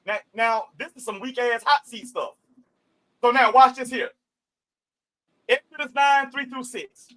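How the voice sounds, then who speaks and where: A man with a very high, bright, forceful voice hosts a heated livestream Bible debate. He talks emphatically and bluntly, cutting people off and throwing in the odd curse. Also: a little slow, long pauses, low-quality recording. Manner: emphatic, interrupting, blunt and profane. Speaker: host.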